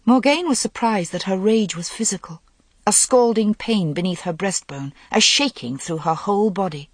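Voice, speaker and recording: A woman reading a novel aloud in a measured, dramatic audiobook narration. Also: medium pitch, animated, no room sound.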